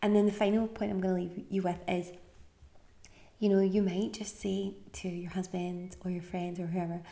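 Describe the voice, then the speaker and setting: Tired woman giving chatty advice, gravelly. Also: mid-range voice, steady tone, normal speed. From United Kingdom. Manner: chatty, encouraging, often drops to a soft breathy near-whisper. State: tired, yawning. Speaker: podcast host. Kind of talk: casual advice monologue.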